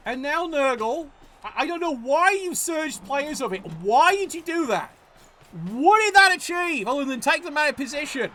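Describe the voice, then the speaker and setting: Male game commentator, very high and bright voice, swears a lot and scolds the players. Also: expressive, normal speed. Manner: profane, exasperated, scolding the players. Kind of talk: live play-by-play commentary.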